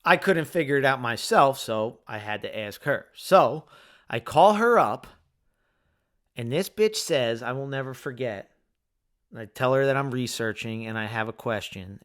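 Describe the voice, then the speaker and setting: A man talks alone into his podcast mic in a plainly mid-range voice. He speaks candidly and swears freely, flaring into heated rants before settling into low, thoughtful musing. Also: animated, measured pace, a bit bright. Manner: candid and profane, swinging from heated ranting to low reflective musing. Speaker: podcast host. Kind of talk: solo podcast monologue.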